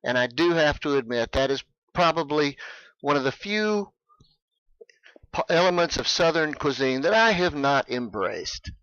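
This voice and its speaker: A male English teacher who talks slowly and deliberately, leaning on key words so learners can follow. His pitch swings freely up and down as he explains. The sound is dry and a little dull, like a lo-fi recording. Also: lively intonation, a bit bright, no echo. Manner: slow, clear, emphatic delivery for learners. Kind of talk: scripted explainer lesson.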